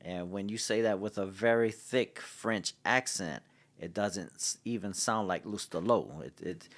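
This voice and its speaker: Podcast guest: middle-aged man, very low voice, halting storyteller. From Louisiana, USA. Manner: halting, many restarts and fillers, grows excited. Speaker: podcast guest, city public relations director. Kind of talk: storytelling in casual conversation.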